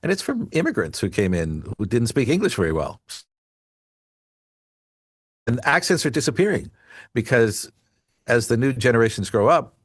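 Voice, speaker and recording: A man's voice: medium pitch, big pitch swings, moderate pace, long pauses, husky, no room sound, studio quality. A man hosting a podcast, rambling in casual chat with many asides. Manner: rambling, full of fillers and asides. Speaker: podcast host.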